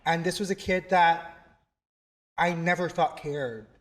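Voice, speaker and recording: A man's voice: fairly high pitch, unhurried. A man from South Texas, a theatre teacher, telling a story in an interview with many fillers and restarts.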